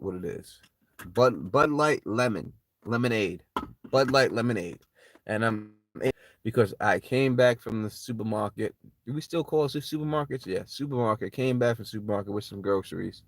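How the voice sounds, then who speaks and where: Rambling, laughing man chatting casually. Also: lowish voice. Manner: rambling, laughs often, repeats phrases. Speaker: channel host. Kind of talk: casual live chat. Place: at home by an open window.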